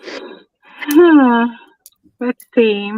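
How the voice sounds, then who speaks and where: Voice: mid-range voice, lively intonation, extremely slow, no room sound, lo-fi sound. A drag performer guest, laid-back and hesitant, repeating words. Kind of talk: casual chat.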